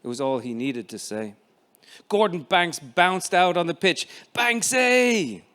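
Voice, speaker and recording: A man in his fifties with an Irish accent reads his own memoir aloud. His voice sits a little high for a man. He reads in a measured, expressive way with frequent pauses. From Ireland. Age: 50s. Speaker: author.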